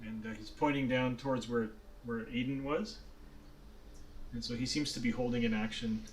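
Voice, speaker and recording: A man's voice: mid-range voice, fairly even intonation, normal speed. A man narrating as dungeon master, loose and swearing, laughing often, with faint hiss behind. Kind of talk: narrating a tabletop game.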